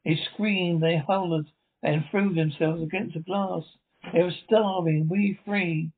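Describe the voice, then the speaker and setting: A man's voice: sits high, steady tone, unhurried, husky. A man reading a radio drama script aloud, stage directions included, stumbling now and then. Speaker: script reader. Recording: tinny phone-like sound.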